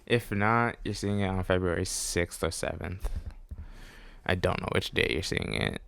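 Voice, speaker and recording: A man's voice: deep voice, unhurried, gravelly, fairly bright tone, clear, resonant tone, no echo. A man giving a rambling, self-correcting voice-over commentary on his gameplay, speaking offhand as a gaming channel host. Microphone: desktop mic.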